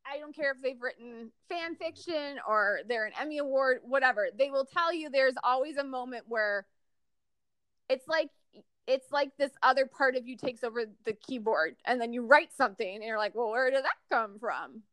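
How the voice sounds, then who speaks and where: A woman's voice: high voice, moderate pace, clean tone, no echo. Chatty woman podcast host, dry mic. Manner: chatty, animated, full of fillers and restarts. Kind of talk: casual fan podcast chat about a TV show.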